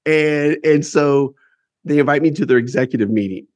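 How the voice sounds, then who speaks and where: A man's voice: fairly high pitch, moderate pace, darkish tone, no echo, studio quality. Candid, emphatic man telling his story. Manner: emphatic, candid, swears freely, repeats words as he builds a story. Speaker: CEO of a publishing company, guest. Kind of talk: casual storytelling interview.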